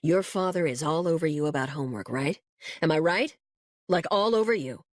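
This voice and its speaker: A woman voicing an odd young man who claims to be a seer and talks in halting, casual questions. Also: low-pitched, lively intonation, dry recording, clean studio sound. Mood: earnest.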